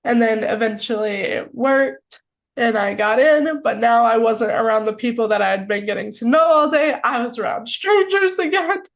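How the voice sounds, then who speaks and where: An excitable young American woman tells a long story on a podcast. She speaks in a fairly high voice and scatters "like" through every sentence. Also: moderate pace, dull audio. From United States. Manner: excitable, filler-heavy with lots of "like". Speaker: podcast co-host. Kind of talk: casual storytelling chat.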